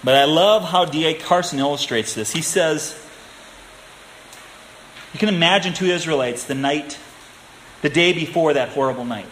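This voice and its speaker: A male pastor preaching a sermon, earnest and emphatic, slowing down to stress key phrases. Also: fairly high pitch, a bit bright, a little hiss or hum. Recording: echoey room with faint ambience.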